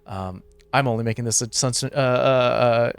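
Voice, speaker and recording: A man's voice: mid-range voice, moderate pace, gravelly, clean tone, no room sound. A man narrating as game master of a tabletop game, rambling with many filler words.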